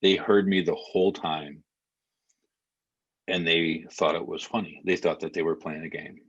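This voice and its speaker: A man's voice: low voice, steady tone, normal speed, slightly rough, highs cut off. A man in his thirties, a podcast guest, telling an emotional story with lots of fillers. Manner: vivid retelling with many fillers.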